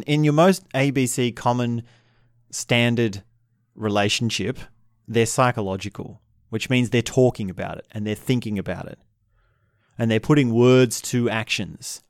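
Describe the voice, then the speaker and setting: A man calmly teaching about relationships in an unhurried, reflective way, sometimes acting out what couples say. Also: medium pitch, no echo, clean studio sound. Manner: calm, unhurried, acts out quoted couples.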